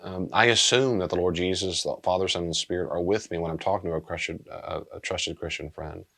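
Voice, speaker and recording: A man speaking as a pastor and counselor, earnest and gentle, often repeating key phrases as he teaches. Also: deep voice, steady tone, fairly quick, creaky.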